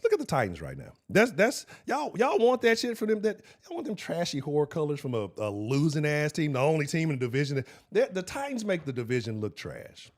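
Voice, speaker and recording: A man's voice: fairly high pitch, fairly quick, hardly any pauses. A man hosting a live-streamed sports talk show, heated and profane, talking straight to his chat. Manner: profane, heated and animated, talks to chat directly.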